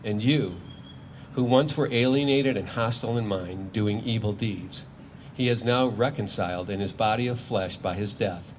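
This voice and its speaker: A man reading a scripture passage aloud in a church service, in a measured, formal way. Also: lowish voice, a little hiss or hum, low-quality recording. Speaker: scripture reader.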